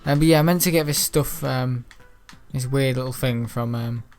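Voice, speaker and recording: Rambling lad with an ill voice. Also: male voice, medium pitch, moderate pace, a little mellow, faint music behind. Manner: rambling, lots of ums. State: ill, unwell. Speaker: gaming channel host. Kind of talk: casual gameplay commentary.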